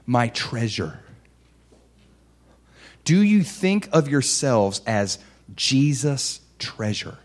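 Earnest preacher man, hushed to excited. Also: mid-range voice, slow. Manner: earnest, emotional, swings between soft hushed lines and excited outbursts. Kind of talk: sermon.

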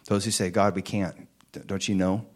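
Animated man preaching. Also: sits low, normal speed. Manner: animated preaching, reading scripture aloud, rising to loud emphasis. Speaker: pastor. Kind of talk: sermon.

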